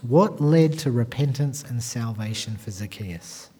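A male pastor delivering a sermon at a medium pitch. He speaks straight to his listeners with rhetorical questions and swings from hushed asides to loud, emphatic stretches. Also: expressive, a little slow, slightly rough. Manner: emphatic, builds from quiet asides to loud, raised passages; addresses the congregation directly with rhetorical questions.

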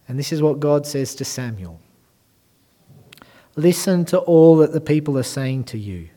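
A man preaching a sermon, moving from hushed lines to loud, emphatic ones. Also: fairly high pitch, expressive, unhurried. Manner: swings from quiet to loud and emphatic.

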